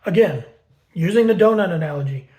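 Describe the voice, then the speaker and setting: A man's voice: sits high, expressive, fairly quick, dark tone, lo-fi sound. A man working as a dog trainer, talking casually and bluntly, swearing freely and explaining with homemade everyday comparisons while repeating words for emphasis. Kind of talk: casual teaching talk.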